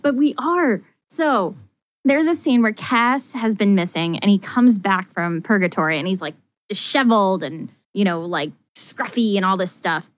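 Brief: woman, casual chat, high-ish voice, bursts of laughter, dry booth sound. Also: no echo. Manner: excited, laughing often, rising to squeals.

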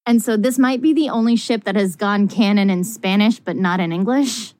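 A woman chatting casually on a podcast, excited and laughing often, her voice climbing high as she gets worked up. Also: moderate pace, no echo. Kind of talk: casual chat.

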